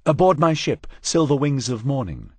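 A man's voice: medium pitch, big pitch swings, normal speed, breathy edge, dry recording, pitched above the performer's own voice. A man voicing a capable, well-informed woman who explains things in a matter-of-fact way. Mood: explaining.

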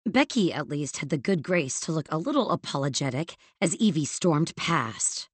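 A woman narrating a novel in a measured, expressive storytelling manner. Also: low-pitched, husky, dry recording. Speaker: audiobook narrator. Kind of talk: scripted narration.

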